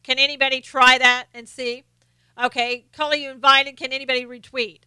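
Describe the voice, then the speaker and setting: Woman, live-stream host, casual chat, smooth clear voice, dry close sound. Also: sits high, little pitch movement, brisk, sharp tone, no room sound. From Southern United States. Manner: chatty, laughs often, reads comments aloud.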